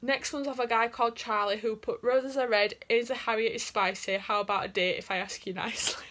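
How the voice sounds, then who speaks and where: A woman's voice: fairly high pitch, steady tone, brisk, fairly bright tone, a little hiss or hum. A young woman, chatting casually as a vlogger and reading messages aloud with lots of giggles.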